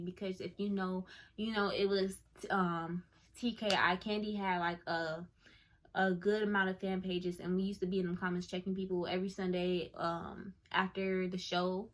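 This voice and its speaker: Bright-voiced young woman telling a story. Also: lowish voice, a little hiss or hum. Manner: excitable, gushing, lots of fillers like "like" and "oh my goodness". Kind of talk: casual story time to camera.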